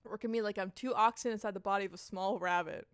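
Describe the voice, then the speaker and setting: A woman voicing a brisk, overworked female campaign manager in a dating game. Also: medium pitch, steady tone, smooth, no room sound, clean studio sound, lightly acted. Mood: upbeat.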